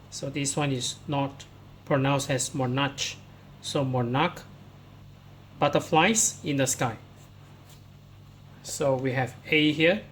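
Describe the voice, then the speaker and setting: A man's voice: a little high, a bit bright, a little hiss or hum. A man teaching English, walking pupils through workbook answers and reading the text aloud step by step, starting many sentences with "so". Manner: slow, explains step by step, starts lines with "so".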